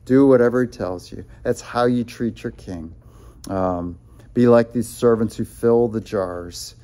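Mellow-voiced conversational male pastor. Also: medium pitch, measured pace. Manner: conversational, many fillers and restarts, quotes scripture. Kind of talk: sermon.

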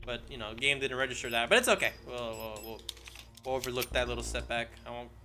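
Over faint background music, a man speaks quickly in a bright, forceful, mid-range voice. He's a let's play gamer at a desk mic at home, jokey and jumpy through a horror game, yelping when startled and reading in-game notes out loud.

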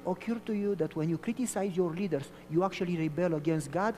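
Male pastor from Romania, storytelling sermon, high pitch, long hall reverb. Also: a little fast, hardly any pauses. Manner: animated storytelling preacher.

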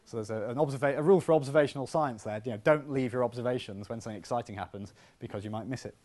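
A male physics professor gives a public lecture, talking quickly and conversationally. His voice sits in a middle pitch, and he keeps the tone lively with the odd self-deprecating aside. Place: lecture hall.

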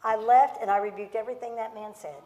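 A woman's voice: fairly high pitch, steady tone, fast talker, warm tone. Impassioned woman pastor in a reverberant hall. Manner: impassioned, emphatic, repeats herself for stress. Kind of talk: sermon with personal storytelling. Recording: long reverb of a large hall.

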